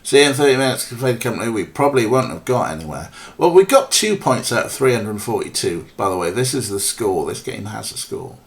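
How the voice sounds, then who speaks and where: A man's voice: medium pitch, lively intonation, brisk, hardly any pauses. A man casually commentating a game stream, rambling and mocking, with lots of ums and swearing. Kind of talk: casual let's play commentary.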